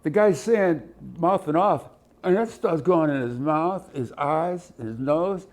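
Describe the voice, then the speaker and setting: A man's voice: fairly high pitch, slow. A man in his seventies from Ohio, a military veteran telling stories in an oral history interview, acting out voices and sounds as he goes. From Ohio, USA. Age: older, 70s. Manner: animated anecdotes, acts out voices and sounds.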